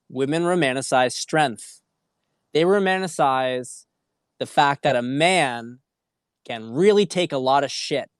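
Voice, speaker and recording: This dating coach hosts a livestream in a smooth voice that sits on the high side. His delivery is earnest and preachy, with frequent restarts, and the audio is clean studio sound with no room tone.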